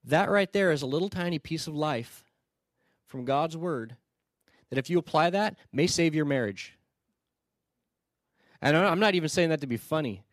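A male pastor preaching a sermon, telling stories in a conversational way with quick asides and restarts. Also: a little high, lively intonation, no echo, studio quality. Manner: storytelling, conversational with quick asides and repeated starts.

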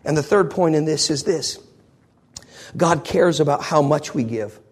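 A man with a husky, slightly raised voice preaches a sermon in church. He talks fervently and keeps putting rhetorical questions to his congregation. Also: fairly high pitch, unhurried. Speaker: pastor.

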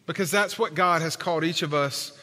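Bright-voiced preaching man in a reverberant hall. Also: a little high, brisk. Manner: emphatic, rhetorical questions, colloquial asides. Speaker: pastor. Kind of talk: sermon.

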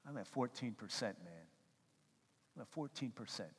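Guy preaching a sermon, lively storytelling, acts out little bits, big echoey church hall. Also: fairly low pitch, normal speed, pauses often, slightly rough. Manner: animated storytelling with acted-out quotes. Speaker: pastor. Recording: long hall reverb.

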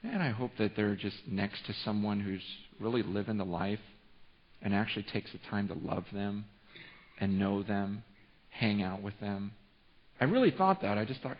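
Pastor guy preaching, gets really animated, long church echo, kinda muffled sound. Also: lowish voice, normal speed. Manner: animated storytelling, voice rising sharply in excitement; repeats and restarts words often. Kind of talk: sermon. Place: church sanctuary.

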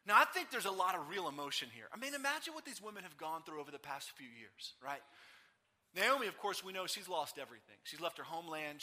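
High, bright man preaching in a hall. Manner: animated storytelling, voicing the people in the text. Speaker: pastor. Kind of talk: sermon. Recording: long hall reverb.

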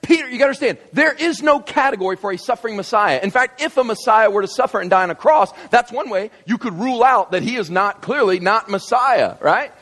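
Animated, jokey male preacher. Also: high-pitched, fast talker, few pauses, long reverb tail. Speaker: pastor. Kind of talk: sermon.

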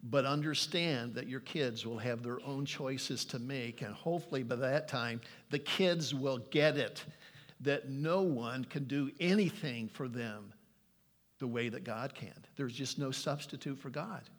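A man's voice: medium pitch, a little slow. An older man preaching a sermon, earnest and pleading, reading scripture aloud with emphasis. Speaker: pastor.

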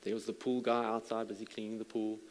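Pastor preaching in a reverberant hall. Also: male voice, fairly low pitch, completely flat delivery, fast, a little mellow. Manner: earnest, stammers on repeated words. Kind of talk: sermon storytelling. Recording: long reverb from a large hall.

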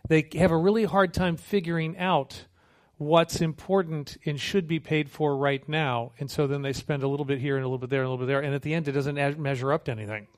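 A man preaching a sermon with a fairly high voice. He talks in an easy, humorous way and acts out little scenes as he tells them. His voice keeps lifting on the punchlines. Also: fast, few pauses. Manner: conversational, humorous, animated storytelling with acted quotes. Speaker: missionary preacher.

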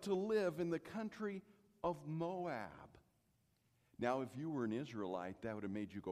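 Animated male preacher in a reverberant hall. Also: mid-range voice, unhurried. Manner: animated storytelling, addresses congregation directly. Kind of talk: sermon.

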